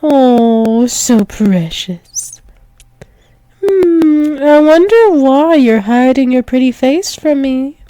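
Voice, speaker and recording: A woman voicing a dominant, possessive female werewolf demon in a whispered role-play, speaking in a soft, teasing, doting way. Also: high voice, animated, drawn-out words, no echo, full character voice.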